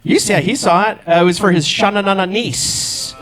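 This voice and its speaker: A man's voice: high voice, fairly even intonation, moderate pace, a bit bright, soft background music. A young man doing playful stand-up, chatting with the audience on a handheld mic in a comedy club. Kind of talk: musical stand-up with crowd work. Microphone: handheld stage mic.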